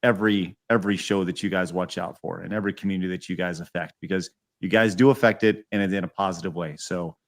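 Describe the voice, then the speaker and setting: A man's voice: low-pitched, fairly even intonation, fast talker, few pauses. A man from Texas, a podcast guest, speaking in an earnest, sincere way in casual chat.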